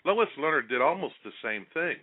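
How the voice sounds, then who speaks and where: A man's voice: a little high, lively intonation, fairly quick. A man hosting a casual political talk show, speaking bluntly and rambling with repeated words. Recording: phone-like lo-fi sound.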